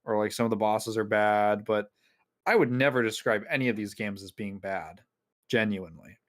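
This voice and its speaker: A man's voice: fairly low pitch, normal speed. A man guesting on a casual gaming stream, making dry joking asides. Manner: dry jokey asides, laughs at his own bits.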